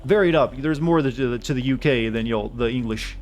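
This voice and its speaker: A man's voice: medium pitch, fairly quick. A man doing casual gaming commentary as a streamer, rambling and joking as he thinks aloud.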